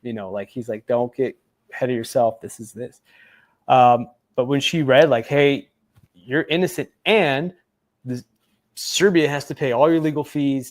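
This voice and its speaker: A man, a former Navy SEAL, telling a long personal story in a casual interview, with lots of fillers, acting out the voices of the people he quotes. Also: mid-range voice. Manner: animated retelling, acts out quoted voices, many fillers.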